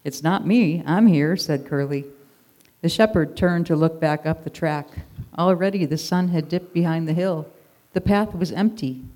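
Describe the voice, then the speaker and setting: A storyteller reading a children's story aloud in an expressive read-aloud manner. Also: mid-range voice, normal speed.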